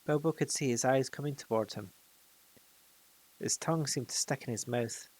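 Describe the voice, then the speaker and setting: A man's voice: mid-range voice, moderate pace, a little mellow, rough recording. A man reading a fantasy storybook aloud, with occasional slips and restarts. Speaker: narrator.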